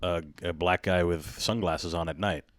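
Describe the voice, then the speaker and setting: A laid-back male podcast host chatting casually, tossing in jokey asides and laughing easily. His voice sits very low, and it is recorded dry and close with no room sound. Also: fairly even intonation, moderate pace, dry recording. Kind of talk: casual chat.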